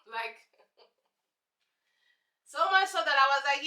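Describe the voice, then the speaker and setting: A young woman from Congo with a Congolese accent, a native Lingala speaker, telling sarcastic, animated stories to camera as a vlogger. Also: sits high, extremely slow, pauses often. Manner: sassy, sarcastic, animated storyteller. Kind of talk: casual storytelling to camera. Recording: echoey room, voice off-mic.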